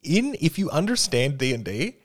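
A man's voice: on the high side, sing-song, moderate pace. A man in casual podcast chat who talks with enthusiasm, explains things at length and swears freely.

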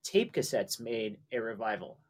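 A man's voice: lowish voice, sing-song. A man co-hosting a podcast in casual chat, stumbling and restarting his sentences. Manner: halting, restarts a lot. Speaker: podcast co-host.

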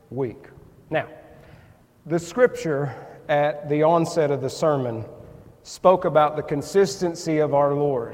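A man preaching a sermon in a church, earnest and folksy, acting out little conversations with churchgoers. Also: fairly high pitch. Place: church sanctuary. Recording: long reverb in a church hall.

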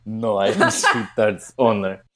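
A man's voice: on the low side, sing-song, unhurried, fairly bright tone, pitched below the performer's own voice. A man voicing a tough-talking mafia-style cat owner in a put-on Italian accent, hammy and playful. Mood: mock tough. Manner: hammy, playful, repeats stock phrases.

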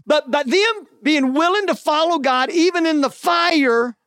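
A man's voice: extremely high pitch, unhurried, a bit bright, no echo, studio quality. Folksy preacher man. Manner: folksy, conversational preaching with frequent "man" and "right?". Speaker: pastor. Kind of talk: sermon.

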